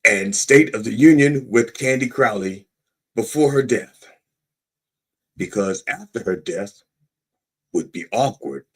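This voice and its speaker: A man's voice: fairly low pitch, slow pace, long pauses. A man hosting a podcast, reading news items and breaking off into profane, sarcastic asides in a mock-preacher manner. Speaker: podcast host. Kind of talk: irreverent satirical commentary.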